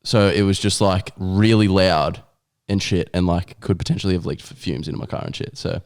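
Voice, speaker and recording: Young aussie bloke host, quick talker, lower voice, swears a lot, casual chat. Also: male voice. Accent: Australian. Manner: rapid, blunt, swears freely. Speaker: podcast host.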